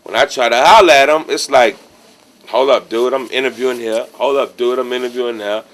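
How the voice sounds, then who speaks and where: A man's voice: medium pitch, a little fast. A man with a Chicago accent telling a story in a casual interview, acting out what others said. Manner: animated, acts out quotes of others. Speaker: rapper telling his story.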